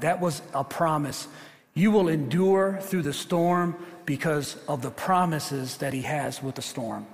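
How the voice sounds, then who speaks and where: A man with a high voice preaches a sermon from the pulpit, dropping low and hushed and then climbing loud and urgent. His words ring out with the long reverb of a big church hall. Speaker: pastor. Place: church sanctuary.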